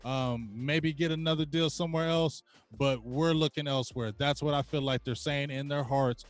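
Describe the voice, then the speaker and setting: A man's voice: fairly high pitch, steady tone, normal speed, no echo. A man co-hosting a casual sports talk show, blunt and opinionated.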